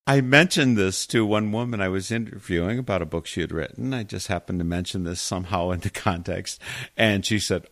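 A deep, low male voice that leads the conversation with easy, relaxed questions. He is an interviewer host, heard close and dry with no room sound. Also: fairly quick, no room sound.

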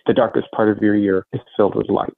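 Gravelly man on a tinny phone line. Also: fairly low pitch, level tone, fast talker, no room sound. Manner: reflective, explanatory. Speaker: songwriter guest. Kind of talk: radio interview. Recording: phone-line interview, dry.

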